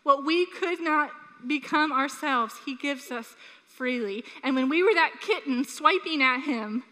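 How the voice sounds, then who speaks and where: High bright-voiced woman preaching in a hall. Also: measured pace. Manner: animated storytelling, earnest appeals. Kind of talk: sermon with personal story. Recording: long hall reverb.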